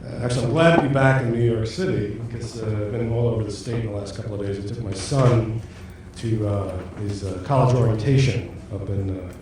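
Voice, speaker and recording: A middle-aged man doing a stand-up routine on a comedy club stage, halting and self-deprecating, with many fillers. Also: lowish voice. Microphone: handheld mic. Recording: echoey club with room noise.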